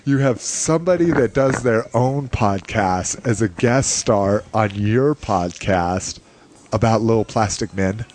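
A man hosting a podcast in casual chat, excited and joking, swearing freely. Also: fairly low pitch, takes it slowly. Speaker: podcast host.

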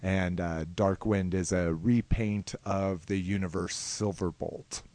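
A man's voice: sits low, fairly even intonation, takes it slowly, darkish tone, no echo. A man co-hosting a casual toy-news podcast, patient and easygoing, with plenty of "uh"s between items. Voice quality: laid-back, patient delivery with filler "uh"s. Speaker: podcast co-host.

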